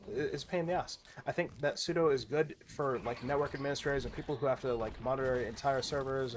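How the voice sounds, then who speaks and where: Casual male streamer voice, mid-range pitch, exasperated profane rambling, light room noise. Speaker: gaming video creator. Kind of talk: casual ranting commentary while gaming.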